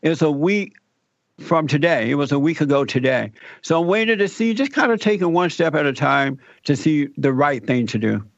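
A man's voice: on the high side, moderate pace, dry recording, dull audio. An older man, a radio talk show host, telling a personal story as an interview guest and acting out the dialogue in it. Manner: animated storyteller, acts out quoted dialogue.

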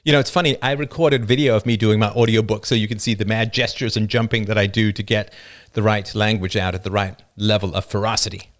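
A middle-aged man hosting a live call-in philosophy show, talking with passion and emphasis, his voice a little rough. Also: lowish voice, fairly even intonation, fast talker, hardly any pauses. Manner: passionate and emphatic, reads chat messages aloud. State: slightly rough voice.

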